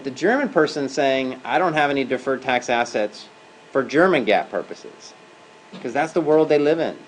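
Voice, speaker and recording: A man's voice: mid-range voice, a little hiss or hum, poor audio. A man giving a university lecture in a classroom as an adjunct professor. He talks conversationally and keeps checking in with "right?" and "okay?".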